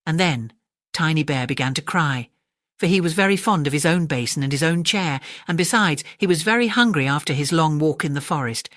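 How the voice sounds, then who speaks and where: A woman with an English accent gently narrating a bedtime story audiobook. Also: deep voice, expressive, dry recording, studio quality. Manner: gentle, measured.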